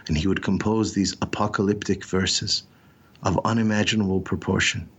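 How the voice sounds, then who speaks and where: A man speaks in a deep, low register as he tells a story. His delivery is intense and dramatic, with frequent pauses and "uh" fillers between phrases. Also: steady tone, fairly bright tone, husky, lo-fi sound. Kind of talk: reflective storytelling talk.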